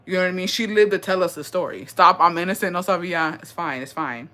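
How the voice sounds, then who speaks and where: A young woman hosting and reading viewer stories in a casual, animated chat, swearing freely and mixing in Spanish words. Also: lowish voice, fast talker. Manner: bursts of laughter and dramatic reactions.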